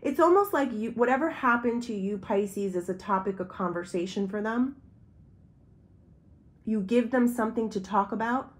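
A woman's voice: on the high side, moderate pace. A woman giving a tarot reading, talking straight to the viewer in a rambling, intuitive way. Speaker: tarot reader.

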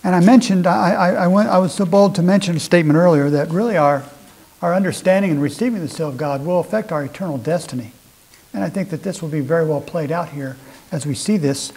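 A man preaching a sermon, his voice a little husky and sitting slightly high for a man. He reads scripture aloud with earnest emphasis and often restarts his phrases as he explains them to his listeners. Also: fast, darkish tone, low-quality recording. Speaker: pastor.

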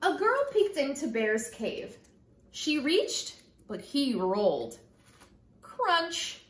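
Expressive woman reading a children's story. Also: high-pitched, slow. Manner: expressive, sing-song storytelling. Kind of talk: read-aloud story and children's message. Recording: echoey room.

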